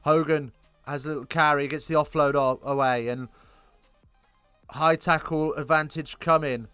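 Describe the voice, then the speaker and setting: Guy calling rugby live, smooth fairly high voice, chatty and correcting himself, dry close mic. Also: normal speed, no echo, soft background music. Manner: chatty, self-correcting, rises to excited bursts on tries. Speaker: rugby commentator. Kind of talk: live alternative play-by-play commentary.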